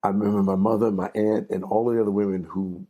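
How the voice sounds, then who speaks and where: Interview guest: older jazz singer from New York, deep husky voice, lively rambling storyteller. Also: male voice, fast. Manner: animated, laughing storyteller with restarts.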